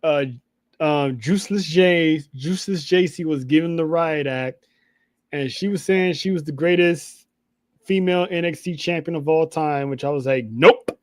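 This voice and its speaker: A man co-hosting a casual wrestling recap podcast, his voice a bit higher than most men's. He tells each story in an animated way, acting out what people said and laughing along. The sound is dry and close. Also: moderate pace, no room sound. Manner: animated storytelling, acts out quotes, laughs often. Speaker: podcast co-host.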